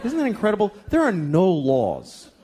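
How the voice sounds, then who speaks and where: A man's voice: sits high, wildly swooping pitch, normal speed, warm tone. Exasperated profane stand-up comedian, man. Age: 30s. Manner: profane, exasperated, acts out voices. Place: comedy club stage with laughing audience. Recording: live club recording with crowd noise.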